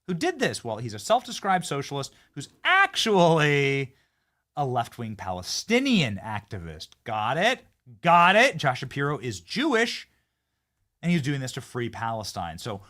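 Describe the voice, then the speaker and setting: A man's voice: medium pitch, unhurried. Guy hosting a political show, sarcastic, voice jumps all over the place. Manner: sarcastic, mocking, animated. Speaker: host.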